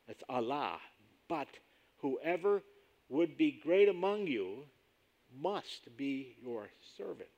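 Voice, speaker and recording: A man preaching a sermon as pastor, emphatic and rising sharply on key points, slowing down when he reads scripture aloud. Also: mid-range voice. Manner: slows down to read scripture aloud.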